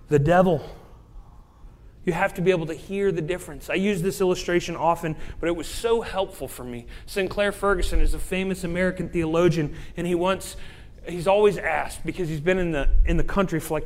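A man preaching a sermon, swinging between hushed, whispered lines and loud, emphatic passages. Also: on the high side. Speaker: pastor.

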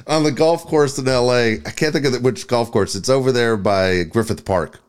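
A man co-hosting a casual podcast, telling a story in a relaxed, swearing way. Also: medium pitch, moderate pace, clear, resonant tone. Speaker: podcast co-host.

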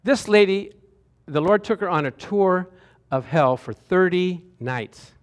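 High-voiced man preaching an animated sermon. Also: a little slow. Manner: animated, calls out to the congregation for responses. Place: church sanctuary with a congregation.

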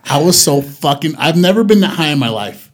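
Young man, casual storyteller, swears a lot, rambling, lively quoted voices, slightly high voice. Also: fairly quick. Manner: profane, rambling, acts out quotes loudly.

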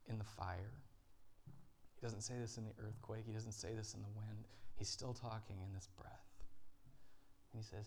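A male pastor preaching a sermon in a church, earnest and dramatic, with long pauses. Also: lowish voice, steady tone, creaky, darkish tone, slight background noise.

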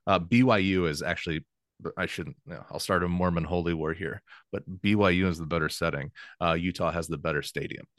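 A man's voice: low voice, brisk, fairly bright tone, no room sound, studio quality. A man co-hosting a sports podcast, talking casually and rambling a bit, often correcting himself and laughing easily. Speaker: podcast co-host.

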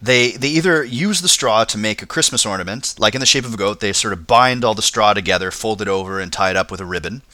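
Brief: talkative male podcast host, bright tone, dry studio mic, stumbles over words. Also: on the low side, fast, hardly any pauses, no echo. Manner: chatty, stammers and laughs often. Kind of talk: casual comedic podcast chat.

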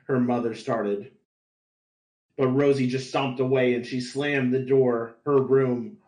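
A man narrates a story for his podcast in a plain, flat delivery, tripping over words. His voice carries a roomy echo. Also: mid-range voice, slow pace. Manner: flat reading with stumbles and laughs. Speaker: podcast host, reader. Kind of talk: comedic fan-story narration.

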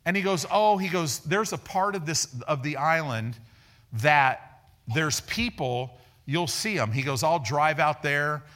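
A man preaching a sermon in a folksy, animated way, acting out the people in his stories and repeating words as he builds each point. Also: measured pace. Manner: animated, acts out dialogue with raised pitch. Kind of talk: sermon with storytelling.

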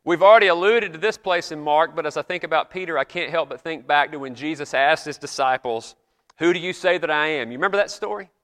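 A man's voice: a little high, fast talker, hardly any pauses, a bit bright, long reverb tail. A man preaching a sermon in a chapel, retelling scripture in an earnest, conversational storytelling way.

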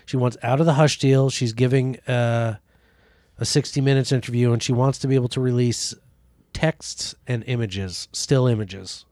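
A man co-hosting a comedic podcast, reading absurd news with deadpan, mock-serious delivery. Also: medium pitch, moderate pace, no echo, clean studio sound. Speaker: podcast co-host.

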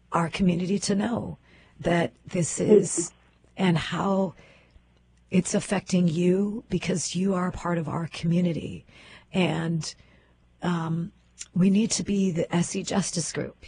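A woman hosting a talk radio interview, speaking in a measured, earnest way with an advocacy tone. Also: on the low side, warm tone, a little hiss or hum, poor audio. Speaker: radio host.

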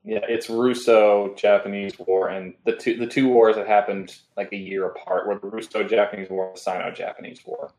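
A man's voice: lowish voice, flat delivery, fairly quick, hardly any pauses, a little mellow, roomy sound, low-quality recording. A man co-hosting a casual podcast chat, eagerly explaining bits of history to the others. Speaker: podcast co-host.

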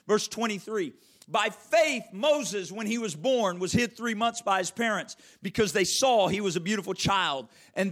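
High-voiced man preaching a sermon. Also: a bit bright. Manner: emphatic, repeats key phrases, drawn-out stresses. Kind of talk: sermon with scripture reading.

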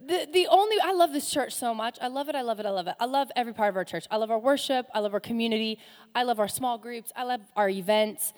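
Animated woman pastor in a reverberant hall. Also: a little high, fast talker. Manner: animated, joking asides, repeats phrases. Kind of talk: sermon. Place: church sanctuary.

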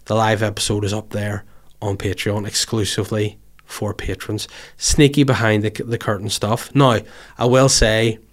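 A man hosting a podcast in casual, jokey chat, a little hoarse from covid, swinging between loud bursts and soft asides. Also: fairly low pitch, flat delivery, moderate pace. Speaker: podcast host.

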